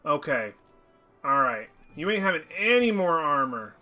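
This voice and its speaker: A man's voice: fairly high pitch, very animated, moderate pace, sharp tone, faint music behind. A man streaming a story game live, reacting emotionally and reading the game text aloud, swearing and talking back to the characters.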